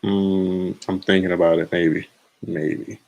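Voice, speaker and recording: A man's voice: low-pitched, level tone, slow pace, vocal fry, a little mellow, highs cut off. A young man streaming late at night, chatting in a laid-back, slangy, rambling way and chuckling to himself. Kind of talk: casual late-night live stream chat.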